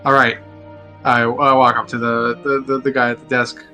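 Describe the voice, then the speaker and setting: A man speaks as a player in a tabletop game, hesitating and stammering between words. His voice is bright and forward. Faint music runs underneath. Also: mid-range voice, level tone, moderate pace. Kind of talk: tabletop game play, casual.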